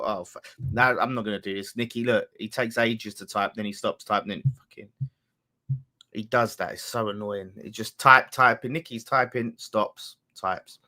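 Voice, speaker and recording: A man hosting a football fan live stream, rambling and chatty, blunt and quick to swear. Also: lowish voice, fairly even intonation, pushed and bright. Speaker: fan channel host. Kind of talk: casual live-stream chat.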